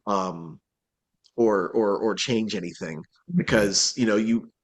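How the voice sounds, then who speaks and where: This interview guest, a voice actor, has a fairly low voice and speaks slowly. His casual talk rambles, full of fillers and false starts, and he animates the quotes he acts out.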